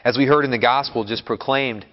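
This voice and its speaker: A Catholic priest giving a homily in a church, speaking in a measured, emphatic way that builds lists of words. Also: male voice, mid-range voice, fairly even intonation. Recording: long church reverb, dull lo-fi sound.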